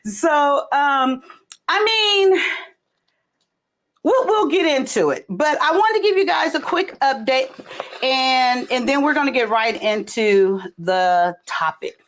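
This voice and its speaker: A woman in her forties hosting a casual livestream chat, telling stories with laughter and big leaps in her voice. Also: slow. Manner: animated storytelling with laughter and big pitch leaps. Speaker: livestream host.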